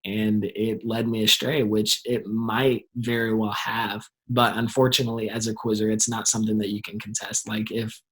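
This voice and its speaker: A man's voice: lowish voice, slightly rough, rough recording. A man who used to be a quizzer, a guest in a casual chat, speaking hesitantly with many fillers.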